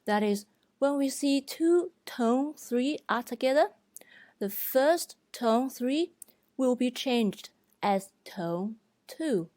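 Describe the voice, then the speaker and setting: A woman talks through a beginner's Mandarin lesson at a very unhurried pace, her voice sitting a little high. She is deliberate and clear, demonstrating each pitch, and the close recording is dry, with no room sound. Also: expressive, dark tone, no echo. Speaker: Mandarin teacher. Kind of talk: slow, careful tutorial narration.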